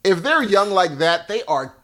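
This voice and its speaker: Man, podcast co-host, thirties, animated slangy chat, lively pitch, upbeat. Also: normal speed. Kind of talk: casual chat.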